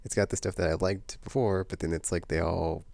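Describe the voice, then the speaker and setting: Man, vlogger, very deep gravelly voice, dry close sound, casual rambling chat. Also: steady tone, fairly quick, a little mellow, dry recording. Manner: meandering, many fillers and restarts.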